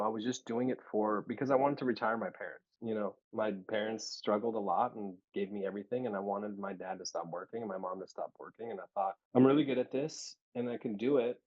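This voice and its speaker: A lower-pitched man recounting his own stories in a relaxed interview, jumping into the voices of the people he quotes and laughing as he goes. The recording sounds dull and muffled, as if the highs were shaved off. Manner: animated storyteller, acts out quoted voices, laughs often. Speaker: actor, interview guest. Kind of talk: casual storytelling interview.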